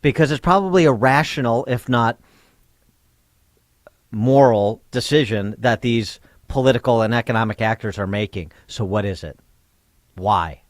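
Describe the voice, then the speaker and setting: A male talk radio host speaking into a studio microphone with a dry, close sound and a middle-pitched voice. He stumbles over repeated words, then presses his point with pointed questions. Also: no room sound. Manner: emphatic, halting restarts then pointed questions.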